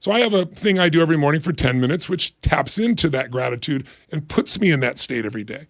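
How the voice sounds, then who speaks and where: A man's voice: fairly high pitch, fast talker, dry recording, studio quality. A man in his sixties, a guest on a talk show, explaining ideas energetically and emphatically. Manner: energetic, emphatic, acts out quoted voices. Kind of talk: motivational interview talk.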